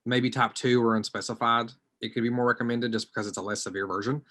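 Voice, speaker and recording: A man speaking as a social work student on a panel, giving personal testimony in an online group discussion. He is hesitant and reflective, and his voice often trails off quietly. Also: mid-range voice, steady tone, quick pace.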